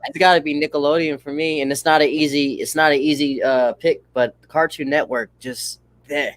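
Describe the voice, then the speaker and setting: A man's voice: on the high side, steady tone, brisk, no room sound. A young man hosting a live stream, talking in a laid-back, casual way and laughing often. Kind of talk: casual chat.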